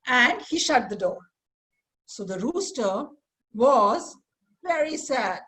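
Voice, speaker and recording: A woman storyteller from India tells a children's story in a virtual session. She speaks slowly and expressively and often stops to quiz the kids. Her voice is high and comes through a video call mic. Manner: animated, asks the children questions.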